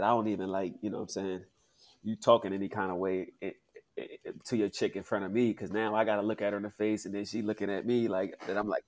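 A man's voice: fairly low pitch, fairly even intonation, fast. A man chatting casually on a podcast, telling a family story in colloquial speech and laughing through punchlines. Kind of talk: casual chat.

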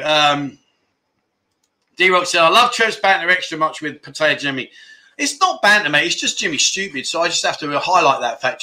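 A man hosts a casual livestream chat show, reading out viewer comments and trading jokey banter. His voice is strikingly bright and sharp and sits somewhat high for a man. He talks loosely with plenty of fillers and friendly jabs. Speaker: livestream host.

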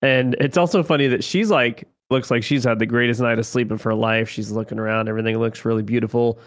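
A man co-hosting a casual podcast, retelling a TV episode and acting out its lines in an animated way. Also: medium pitch, fast talker. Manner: animated retelling, acts out quotes. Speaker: podcast co-host. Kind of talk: casual recap chat.

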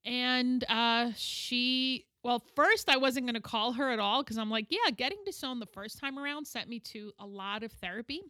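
A middle-aged woman tells a candid personal story as an interview guest. Her voice is bright and sits a little high. She is animated and acts out the people she quotes. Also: normal speed, few pauses.

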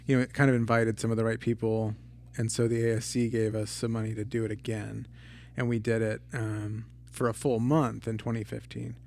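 Guest, male, mid-pitched, reflective and self-deprecating in conversation. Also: darkish tone. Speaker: guest, theater maker. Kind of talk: casual interview chat.

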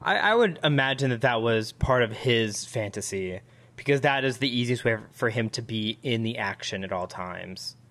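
A man's voice: mid-range voice, animated, moderate pace, a bit bright. A thoughtful man joining a casual podcast chat. He builds his points with care and sometimes stumbles and restarts his sentences. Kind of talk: casual chat about a cartoon episode.

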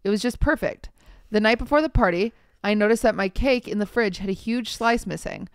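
A young woman with a smooth, clear voice reads online posts aloud in a measured, wry tone, then chats about them casually. The sound is dry and close, with no room around her. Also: medium pitch, no room sound. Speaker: podcast host.

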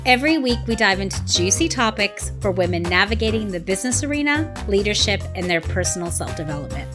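A woman's voice: medium pitch, lively intonation, fast, music in the background. Woman host, frank and confiding, conversational podcast read. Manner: frank, confiding, thinks aloud. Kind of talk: casual podcast chat.

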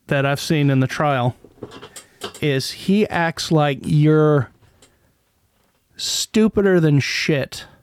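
A middle-aged man talks slowly into a close mic, rambling from thought to thought and cursing freely. His voice is smooth and clear, slightly higher than most men's, and the recording is dry and close. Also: a little mellow, dry recording. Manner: rambling, profane, many restarts. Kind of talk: casual commentary monologue.

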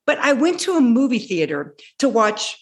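A woman in her sixties, a guest telling her personal story with animated delivery, acting out her own past words. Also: a little high, normal speed. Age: 60s. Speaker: guest speaker.

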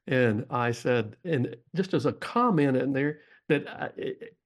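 Middle-aged Texan man, mid-pitched, folksy and rambling, podcast guest. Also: very animated, measured pace. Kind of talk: storytelling interview.

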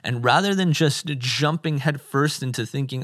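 A man's voice: medium pitch, moderate pace, fairly bright tone, dry recording. Earnest guy on a podcast working through his thoughts, lots of ums, dry mic. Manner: earnest, searching, builds his point with repeats and fillers. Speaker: podcast guest. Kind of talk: casual chat.

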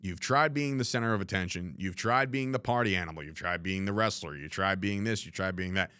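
A man hosts a solo podcast from his studio room. He talks candidly and rambles, swearing often, in a fairly low voice. The recording is dry and close. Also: brisk, sharp tone, no echo. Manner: candid and rambling, swearing, frequent "you know what I mean". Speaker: podcast host. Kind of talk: reflective solo podcast monologue.

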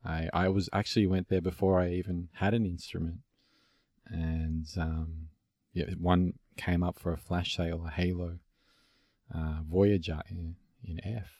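A man from Australia hosting a casual podcast conversation, relaxed and reflective, with many fillers and restarts. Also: low-pitched, measured pace, dry recording, clean studio sound. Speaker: podcast host.

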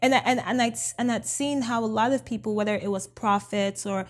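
A woman's voice: on the high side, fairly quick. A woman from Nigeria, a pastor and podcast guest, telling a story animatedly and acting out her own past words.

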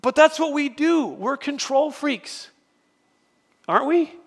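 A middle-aged man delivers a sermon as pastor, speaking with a fairly high voice. He tells stories in a relaxed, conversational way, often restarting his sentences. The sound carries a long reverb, as in a large hall. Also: slow pace. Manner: conversational storytelling with frequent restarts. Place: church sanctuary.

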